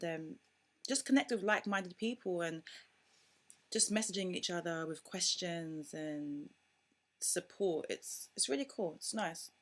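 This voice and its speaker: Outspoken young mother vlogging. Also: on the low side. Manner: outspoken, opinionated and animated. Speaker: parenting vlogger. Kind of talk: casual talk to camera.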